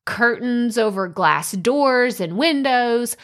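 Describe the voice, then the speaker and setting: A woman podcast host casually reading aloud from her own book, chatty and lively, often saying "like" and "okay". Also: on the high side, slow. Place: home office.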